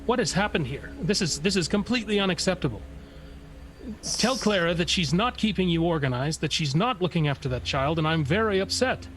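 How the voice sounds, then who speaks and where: Guy playing a ghost dude, pleading, keeps pushing for answers, mid pitch. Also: animated, moderate pace, a little hiss or hum, lightly acted. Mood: indignant. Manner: pleading, insistent questions. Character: ghostly man, anxious and demanding.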